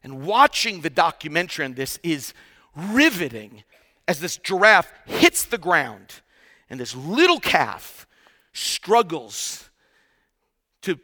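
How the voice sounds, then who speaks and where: A man preaching with lively, bright energy, his voice sitting high for a man. He tells stories with humor, acts out quotes in character, and swings between hushed moments and sudden loud bursts. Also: in a large hall. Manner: humorous storytelling. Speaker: guest pastor. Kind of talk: sermon.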